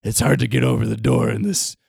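A man's voice: mid-range voice, wildly swooping pitch, quick pace, creaky, a little mellow, breathy edge, dry recording, studio quality, exaggerated voice. A man improvising a bumbling, self-pitying Batman who rambles awkwardly and keeps apologizing. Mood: flustered.

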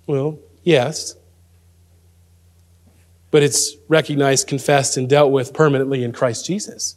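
A man preaching a sermon to his congregation in an earnest manner, then leading a quiet prayer. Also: medium pitch, steady tone. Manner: earnest preaching that sinks to a soft, slow prayer. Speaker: pastor.

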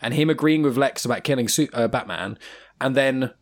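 Un uomo con britannico che conduce un podcast di cinema, chiacchierando in modo disordinato e autoironico, ridendo spesso. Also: male voice, medium pitch, a little fast. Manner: rambling, self-deprecating, laughs often. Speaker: podcast host. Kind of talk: casual film podcast chat.

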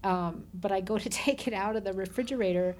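A middle-aged woman from Southern Nevada, a guest telling animated stories in casual conversation with frequent laughter. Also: mid-range voice, a little fast. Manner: animated storyteller who laughs often. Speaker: interview guest. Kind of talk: casual storytelling.

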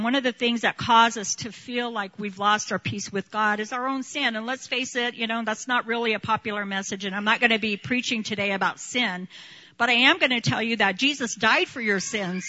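A woman preaches and tells her testimony with a bright, forceful, slightly high voice. She is animated, laughs often and acts out what people said. The recording sounds dull and lo-fi. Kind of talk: sermon with personal testimony.

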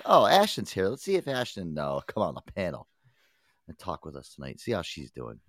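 A man's voice: low-pitched, sing-song, a little fast, dry recording. A man hosting a live podcast chat, loose and crude, swearing and laughing as he talks. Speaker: host.

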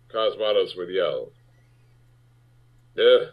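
A man, an actor, speaking frankly in a conversational interview, halting with restarts and rising sharply when he makes a point. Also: lowish voice, lively intonation. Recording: muffled lo-fi audio.

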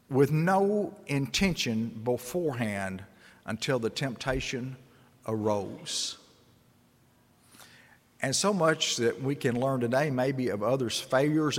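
A man preaching a sermon as a pastor, earnest and rising to emphatic bursts. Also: mid-range voice. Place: church sanctuary. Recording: long hall reverb.

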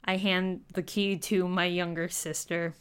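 A woman's voice: on the low side, level tone, measured pace, clear, resonant tone. A woman co-hosting a podcast, animatedly telling a dream in casual chat, swearing and laughing often. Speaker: podcast co-host.

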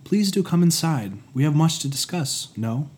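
A man playing a smooth, tranquil wise mentor. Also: medium pitch, animated, normal speed, a little mellow, natural voice. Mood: serene. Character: calm, wise male mentor, playful.

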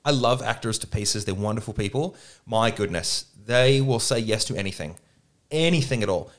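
A man, a producer guest on a podcast, telling animated anecdotes and acting out quotes in casual chat. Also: lowish voice, moderate pace. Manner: lively anecdotes with acted-out quotes.

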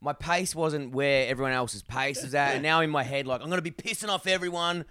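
Casting: Australian bloke, bright, clear voice, animated and foul-mouthed, dry close recording. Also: male voice, a little high, a little fast, dry recording. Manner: animated, swears a lot, acts out his own inner voice. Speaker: podcast co-host. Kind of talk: casual storytelling chat.

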